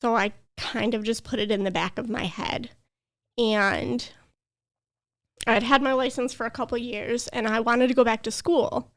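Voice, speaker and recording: A woman's voice: a little high, steady tone, moderate pace. A young adult woman, a podcast guest, earnestly telling a personal story with emotion. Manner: earnest, emotional, tearful at times.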